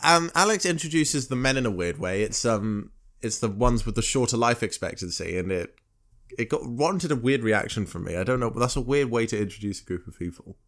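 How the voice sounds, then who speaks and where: A man co-hosting a casual podcast, recapping a TV episode in a halting, hesitant way with many pauses and self-corrections. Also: medium pitch, expressive, fairly bright tone. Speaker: podcast co-host.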